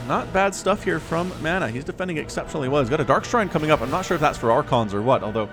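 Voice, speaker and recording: Man, solo game caster, lively swooping pitch, playful play-by-play, faint music behind. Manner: lively, quick play-by-play with laughs and sound effects. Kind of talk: solo esports commentary.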